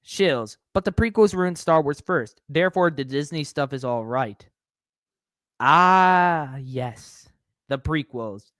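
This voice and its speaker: Streamer, male, higher voice, clean dry mic, mocking chat-reader. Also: expressive, slow, fairly bright tone, no room sound. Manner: sarcastic, mocking, reads chat aloud. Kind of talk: live-stream reaction commentary.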